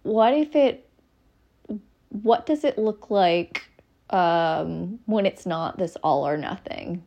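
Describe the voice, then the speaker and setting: A woman's voice: fairly low pitch, takes it slowly, darkish tone. A young adult woman hosting a solo podcast, talking candidly and rambling, with frequent ums and restarts. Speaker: podcast host. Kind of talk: casual solo podcast monologue.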